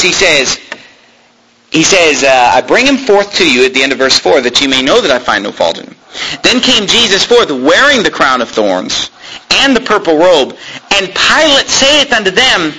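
A man delivers an impassioned sermon in a high, lively voice that swoops up and down as he acts out the scripture. His tone is bright and sharp. A faint hiss sits under the recording. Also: poor audio. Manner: animated, impassioned, reads scripture aloud and acts out speakers. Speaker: preacher.

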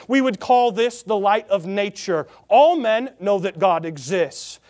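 A man from the Salt Lake Valley preaching a sermon, stressing his points by slowing down and repeating phrases. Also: high-pitched, animated, darkish tone. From Salt Lake Valley, Utah. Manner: emphatic preaching with slow, drawn-out repeated phrases.

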